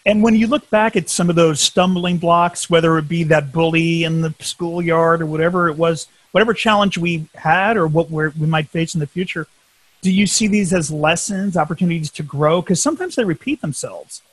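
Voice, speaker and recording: A man's voice: fairly high pitch, normal speed. A man hosting a radio interview, asking questions and thanking his guest in an upbeat way. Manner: upbeat and appreciative. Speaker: radio show host.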